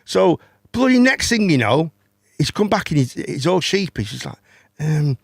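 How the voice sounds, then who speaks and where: A man's voice: fairly high pitch, very animated, normal speed, gravelly, breathy edge, no room sound, clean studio sound. A man, hosting a casual chat and telling a long story, rambling, swearing and repeating words. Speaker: host.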